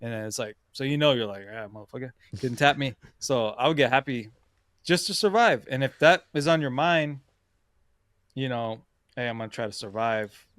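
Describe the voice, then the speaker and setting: Guy on a podcast telling gym stories, lively and cussing, mic real dry and close. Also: mid-range voice, moderate pace, smooth, no room sound. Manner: animated storyteller, swears, acts out quotes. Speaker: podcast co-host. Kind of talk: casual chat.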